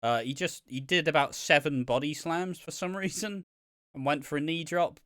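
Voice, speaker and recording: A man's voice: a little high, moderate pace, a bit bright, clean tone, dry recording, clean studio sound. A man co-hosting a wrestling podcast, chatting casually, swearing freely and laughing often. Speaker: podcast co-host. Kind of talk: casual wrestling review chat.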